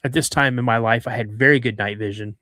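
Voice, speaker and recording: Animated male podcast host telling a story. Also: mid-range voice, fast, no room sound, studio quality. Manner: animated, with restarts and many asides.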